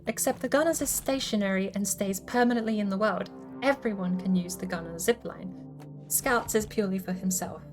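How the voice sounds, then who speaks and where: Woman streamer, casual chat, talks through her ideas out loud; voice sits a bit high, soft music in the background. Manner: thinks aloud, explaining game build ideas. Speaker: streamer host.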